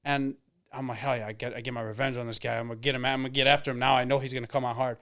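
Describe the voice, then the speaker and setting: A man's voice: medium pitch, little pitch movement, racing, a bit bright, smooth. A man in his twenties, an MMA fighter, telling stories in casual chat, rambling with many fillers and acting out quoted dialogue. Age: 20s. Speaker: interview guest, MMA fighter. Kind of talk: casual storytelling.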